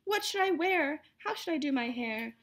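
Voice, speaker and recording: Lady doing bossy fussy stepsisters from a storybook, high and sweet-talking, kinda loud, all wheedly please-and-thank-you demands. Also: animated, normal speed. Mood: coaxing. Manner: wheedling, sugary requests.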